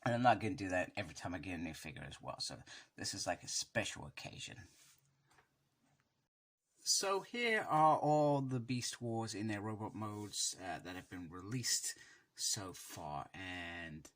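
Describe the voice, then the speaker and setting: Deep-voiced enthusiastic man. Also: lively intonation, unhurried, a bit bright. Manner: enthusiastic, chatty and meandering. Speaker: toy reviewer. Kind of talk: casual toy review.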